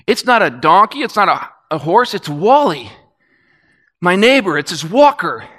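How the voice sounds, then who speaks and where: A man preaching, telling a story with animated swings from excited to hushed. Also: high voice, measured pace. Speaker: pastor. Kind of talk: sermon storytelling. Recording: long reverb of a large hall.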